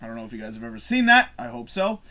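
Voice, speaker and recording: A man's voice: medium pitch, big pitch swings, very fast, sharp tone. A man hosting a live stream show, chatting casually while drinking, rambling and chuckling as he reads viewer comments aloud.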